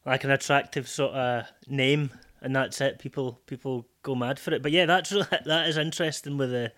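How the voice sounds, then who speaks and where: A man's voice: medium pitch, fairly even intonation, a little fast, fairly bright tone. A Scottish man, a sobriety coach, talking thoughtfully in a casual podcast conversation.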